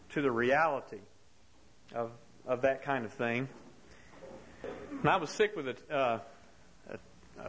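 A man's voice: medium pitch, fairly bright tone, poor audio. A man preaching a sermon, telling a story earnestly and building to impassioned rhetorical questions. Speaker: pastor.

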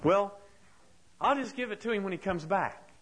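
A man's voice: sits high, animated, normal speed, fairly bright tone, pitched above the performer's own voice. A man voicing a childlike, innocent big bird who asks plaintive questions. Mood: bewildered.

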